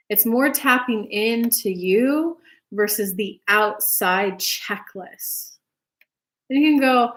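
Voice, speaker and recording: A woman's voice: on the high side, lively intonation, moderate pace, a bit bright. A woman giving casual spiritual relationship advice, chatty and loose, cursing now and then and acting out little dialogues. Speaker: spiritual advice channel host.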